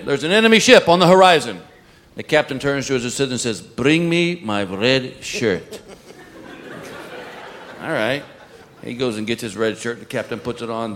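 A man telling a joke in a deadpan storytelling manner. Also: medium pitch, in a large hall, a little hiss or hum.

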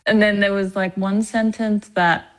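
A woman's voice: mid-range voice, little pitch movement, measured pace, low-quality recording. A young woman, an actress being interviewed, talking chattily with fillers and laughs. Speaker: actress, guest. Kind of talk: casual interview chat.

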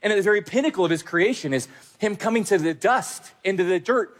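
A man's voice: high-pitched, fast. A man pastor preaching a sermon with emphatic direct address and repeated phrases.

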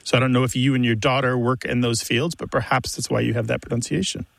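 A man's voice: medium pitch, little pitch movement, fast, vocal fry, background noise. A man co-hosting a radio call-in show, explaining word pronunciation with enthusiasm. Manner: explanatory, enthusiastic about words.

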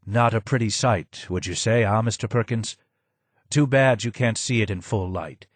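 A man doing a hoarse, broken old advisor. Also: no room sound. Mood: sad, grim. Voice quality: low and hoarse. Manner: slow, subdued and sad. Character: broken, maimed older man, former royal advisor.

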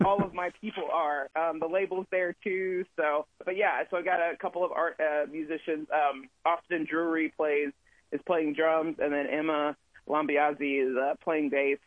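A man's voice: fairly high pitch, level tone, moderate pace, no room sound. A man, a touring musician, chatting casually as an interview guest over the phone, rambling and friendly with lots of fillers. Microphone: phone call. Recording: tinny dry phone line.

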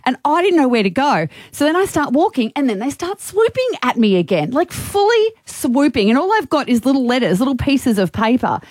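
A woman in her forties co-hosting a radio show, telling a story in animated banter and acting out the voices. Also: high-pitched, fairly quick, hardly any pauses, dry recording. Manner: animated, acts out voices and squeals. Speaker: radio co-host.

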